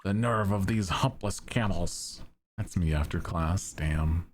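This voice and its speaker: A young man streaming, chatting casually with his viewers in a deep monotone, laid-back and giggly as he reads chat. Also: slow, a little hiss or hum.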